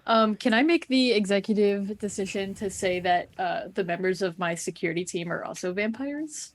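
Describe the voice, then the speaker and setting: A woman's voice: medium pitch, normal speed. A woman playing a character in a tabletop game, talking hesitantly with many fillers. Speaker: player. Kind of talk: tabletop role-play.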